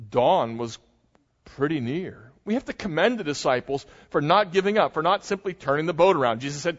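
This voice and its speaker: A man's voice: a little high, big pitch swings, normal speed. A man preaching a sermon as pastor, talking in a conversational, folksy way with asides to the congregation. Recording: dull lo-fi sound with long hall reverb.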